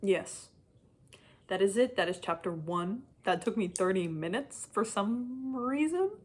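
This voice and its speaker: A young adult woman giving a casual chapter-by-chapter book review, talking in an animated, frustrated rant full of "like". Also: medium pitch, a little slow. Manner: animated, frustrated ranting, heavy use of "like". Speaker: book vlogger.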